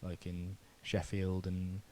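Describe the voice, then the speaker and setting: A man's voice: low-pitched, monotone, slow, warm tone, a little hiss or hum. A young man, a musician being interviewed, laid-back and self-deprecating, laughing often. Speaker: musician guest. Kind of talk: casual interview chat.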